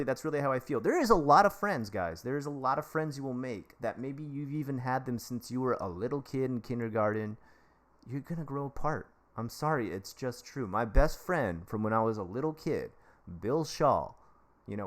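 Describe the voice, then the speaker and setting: A man in his thirties hosting a live stream, chatting casually as he gives advice and breaks off excitedly to thank donors. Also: medium pitch. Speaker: livestream host giving advice.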